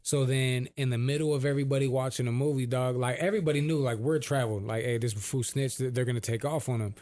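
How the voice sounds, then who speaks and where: A man co-hosting a podcast, rambling through a story in a relaxed, profane way. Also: medium pitch, quick pace. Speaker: podcast co-host. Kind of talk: casual storytelling.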